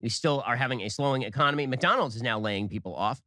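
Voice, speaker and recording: A man giving a rapid, sarcastic political monologue in a played clip. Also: medium pitch, bright, forceful tone, no echo. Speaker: conservative commentator, played clip.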